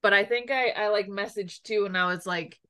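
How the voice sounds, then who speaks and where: A woman's voice: mid-range voice, a little fast, bright, forceful tone, clear, resonant tone, dry recording, clean studio sound. A woman co-hosting a casual chat, gushing and rambling with lots of fillers. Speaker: co-host.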